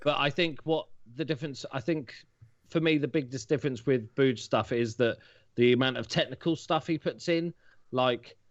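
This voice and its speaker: A man's voice: mid-range voice, moderate pace, dry recording. A man who is a guest on a podcast, rambling along with plenty of fillers. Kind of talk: casual podcast chat. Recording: dull, dry lo-fi mic.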